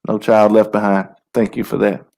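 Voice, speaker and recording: A man's voice: on the low side, flat delivery, moderate pace, creaky, a little mellow. A man co-hosting a comedy show, telling profane, heated stories in a crude rant.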